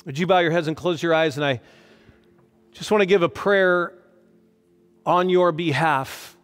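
A man preaching a sermon as a pastor, earnest and emotional, with lively emphasis. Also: on the high side, measured pace, pauses often. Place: church hall. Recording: long hall reverb.

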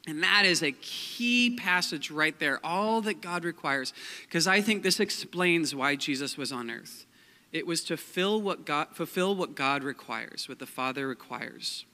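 A man's voice: fairly high pitch, animated, a little slow, bright, forceful tone. A young man giving a casual, joking sermon as a pastor, full of fillers like "like" and "um". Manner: chatty, joking, many fillers like "like" and "um". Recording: long hall reverb.

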